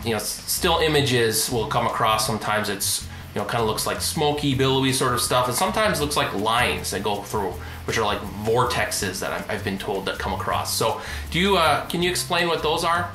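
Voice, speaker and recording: Bright-voiced man in an echoey room. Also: on the low side. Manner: hesitant, searching question. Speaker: podcast co-host asking questions. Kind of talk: casual podcast talk.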